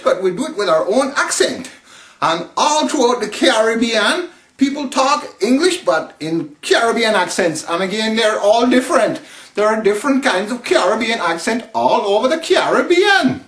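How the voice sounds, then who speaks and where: A man's voice: sits high, very animated, moderate pace, fairly bright tone. A man doing a comic impression of an easygoing Jamaican man with a Jamaican accent. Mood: cheery. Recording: roomy echo.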